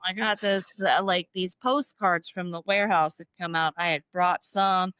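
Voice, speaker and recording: A woman's voice: normal speed, smooth, no room sound. Emotional middle-aged woman telling a story. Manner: animated storyteller, acts out quoted dialogue in a higher voice; emotional, self-described crier. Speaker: podcast guest. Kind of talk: casual storytelling interview.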